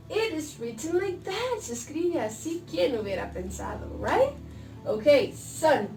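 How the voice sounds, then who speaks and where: A woman teaches a phonics lesson to small children, speaking slowly and stretching each sound. Her voice sits fairly high, and she breaks in with playful gasps. Faint music plays underneath. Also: sing-song, reverberant, recorded from a distance. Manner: slow, drawn-out sounds with playful gasps, switching between English and Spanish. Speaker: kindergarten teacher.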